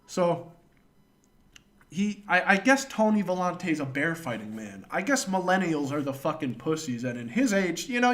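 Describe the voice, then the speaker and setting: A man with a slightly high voice tells a long, rambling story on his livestream. He swears freely and breaks off to thank viewers for donations. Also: a bit bright. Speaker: streamer.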